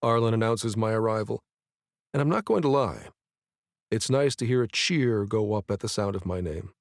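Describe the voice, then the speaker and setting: A male narrator reading a first-person romance audiobook in a measured, even way. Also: lowish voice, vocal fry, no room sound, studio quality.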